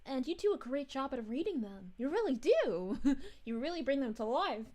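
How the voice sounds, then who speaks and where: A woman playing a gentle, sweet space princess as a VTuber, chatting with her live-stream viewers in a soft, bubbly voice with frequent giggles. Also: high voice, very animated, moderate pace. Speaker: VTuber streamer reading chat. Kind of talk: live-stream chat in character.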